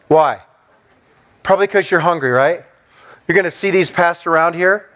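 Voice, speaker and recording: A man's voice: sits high, moderate pace, long pauses, fairly bright tone. A man, a pastor, preaching a sermon with emphatic, repeated declarations that build in intensity.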